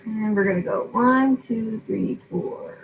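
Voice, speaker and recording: A woman's voice: fairly high pitch, takes it slowly, vocal fry, background noise. A woman in her forties hosting a casual craft tutorial livestream, chatty and often laughing as she drifts off topic. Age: 40s. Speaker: craft channel host.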